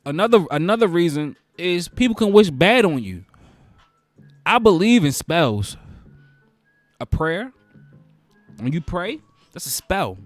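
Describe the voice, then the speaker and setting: A man's voice: high-pitched, big pitch swings, a little slow, long pauses, dry recording, faint music behind. A male host giving advice in a casual, preachy monologue, repeating phrases for emphasis.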